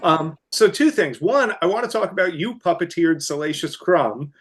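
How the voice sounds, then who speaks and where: A man's voice: fairly high pitch, expressive, moderate pace. A man hosting a casual interview, asking short questions and chiming in with friendly backchannels. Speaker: host.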